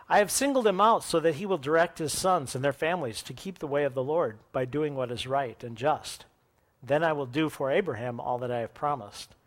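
A man with a slightly high voice delivers a sermon. He reads scripture aloud and then unpacks it in a plain, conversational teaching tone, catching and fixing his own slips along the way. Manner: reads scripture then explains it, with self-corrections. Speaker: preacher.

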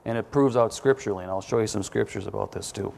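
A man's voice: fairly low pitch, fast, vocal fry, a little mellow. A man preaching a sermon in a conversational way, quizzing his listeners with questions and dropping self-deprecating asides.

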